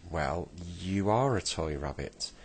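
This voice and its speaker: A man voicing a vain, friendly male rabbit who runs a garage, flattering and pleased with himself. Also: sits low, takes it slowly, breathy edge, exaggerated voice.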